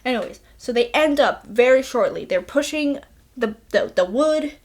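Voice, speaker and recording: A woman's voice: high-pitched, lively intonation, normal speed. A woman host casually recapping a film in a chatty, playful way, with bursts of mock outrage. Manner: chatty, playful, breaks into laughs. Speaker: podcast host.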